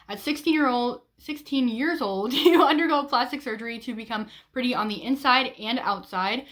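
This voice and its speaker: A woman's voice: a little high, a bit bright. Bubbly young woman chatting about books. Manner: chatty and bubbly, with frequent ums and restarts. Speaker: book vlogger. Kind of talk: casual chat.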